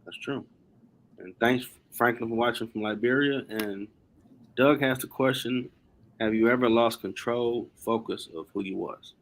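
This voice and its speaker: A man's voice: mid-range voice, measured pace. A man hosting a casual interview, reading out viewer questions and giving brief affirmations. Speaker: host. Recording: faint background noise.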